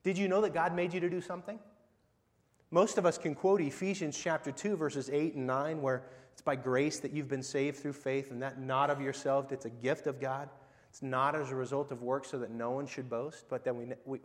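A middle-aged man preaching a sermon as pastor, in a conversational style full of rhetorical questions and swings in volume. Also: medium pitch. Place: church sanctuary. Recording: long hall reverb.

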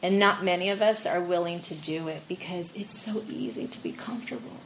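A woman on a faith discussion panel, telling animated personal stories in a casual way. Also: fairly low pitch, brisk, a little hiss or hum, rough recording. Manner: animated storyteller, acts out quoted voices.

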